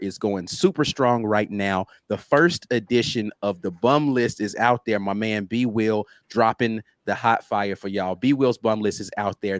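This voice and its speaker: Raspy, hoarse man with a low voice. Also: no echo. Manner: energetic, promotional. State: hoarse from illness. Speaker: co-host. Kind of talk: casual sports chat.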